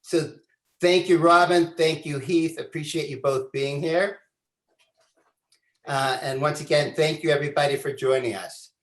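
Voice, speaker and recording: A man's voice: a little high, fairly even intonation, a little slow, fairly bright tone. Earnest man hosting, echoey room. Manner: earnest and formal, says "quite frankly". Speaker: webinar host. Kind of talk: webinar introduction.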